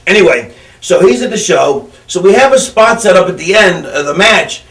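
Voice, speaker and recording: A man's voice: high-pitched, expressive, normal speed, fairly bright tone, echoey room, distant mic. A man telling a long story in casual chat, rambling and profane, often acting out what others said. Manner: rambling, profane, acts out quoted voices. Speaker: podcast co-host.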